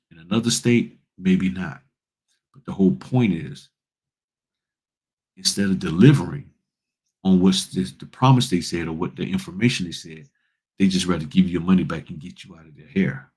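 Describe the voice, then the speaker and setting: A man's voice: deep voice, moderate pace, darkish tone, breathy edge. A man hosting a casual livestream, giving blunt, folksy advice and addressing viewers as y'all. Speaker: notary public and livestream host.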